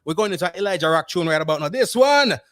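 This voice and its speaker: A man hosting a radio show from home, giving lively slang-filled shout-outs and slipping into patois for fun, a little under the weather. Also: sits high, quick pace, dry recording. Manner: slips into Caribbean-style patois for fun. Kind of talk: energetic radio DJ chat. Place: at home, remote broadcast.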